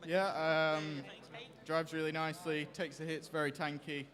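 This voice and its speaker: A man's voice: on the high side, level tone, unhurried, a bit bright. A man being interviewed after his robot's fight, talking in a casual, hesitant, practical way. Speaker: robot driver. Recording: reverberant hall.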